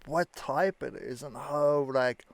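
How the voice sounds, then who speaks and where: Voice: medium pitch, takes it slowly. A host in a casual chat, speaking in an opinionated, emphatic way.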